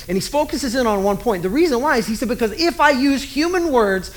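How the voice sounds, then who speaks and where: This sermon comes from a man with a strikingly high voice who speaks fairly quickly with lively intonation and hardly any pauses. He stays casual, tells jokes, and fires rhetorical questions at the congregation.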